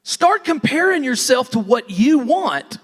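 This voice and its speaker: Speaking on stage in a big conference hall with long reverb, a man who leads a real estate team rambles through a folksy pep talk, frequently breaking off and starting sentences over. His extremely high, sing-song voice is measured in pace, a bit bright, and slightly rough.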